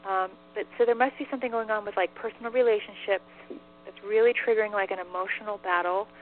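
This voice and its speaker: A woman's voice: medium pitch, fairly even intonation, fast. Woman, medium, chatty, filler-heavy, tinny phone line, light background hiss. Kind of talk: casual chat relaying answers.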